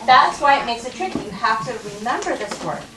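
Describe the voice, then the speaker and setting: In an elementary school classroom, a high-voiced woman leads a first-grade reading lesson, patiently coaxing the class and checking in with them, with lively intonation and a fairly quick pace. She is recorded from a distance in a roomy, echoey classroom, and the recording is noisy.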